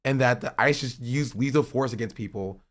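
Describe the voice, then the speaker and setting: A man streaming live, reacting to clips with blunt, profane commentary that swings from measured to fired up. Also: medium pitch.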